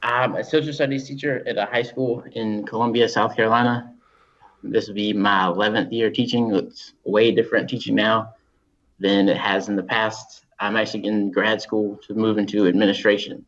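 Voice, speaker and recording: A man, a high school teacher, speaking as a guest on a casual podcast in a matter-of-fact way. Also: little pitch movement, normal speed, a bit bright. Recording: dull lo-fi line with faint music.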